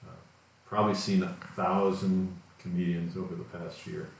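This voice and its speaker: A man's voice: deep voice, little pitch movement, normal speed, creaky. A middle-aged man, a father and guest, chatting with dry, self-deprecating humor. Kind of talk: casual comedy chat. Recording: distant mic in echoey room.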